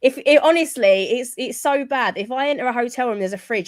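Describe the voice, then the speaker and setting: A British woman, a wrestling backstage interviewer, chatting casually as a podcast guest, quick and full of "like". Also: a little high, no room sound. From England. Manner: chatty, quick, says "like" a lot. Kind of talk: casual chat.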